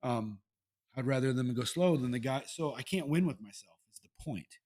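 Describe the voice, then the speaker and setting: A man's voice: medium pitch, animated, normal speed, a little mellow. A man hosting a solo podcast, talking casually and candidly with plenty of swearing and restarts. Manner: candid, profane, rambling with restarts. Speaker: podcast host. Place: Iowa.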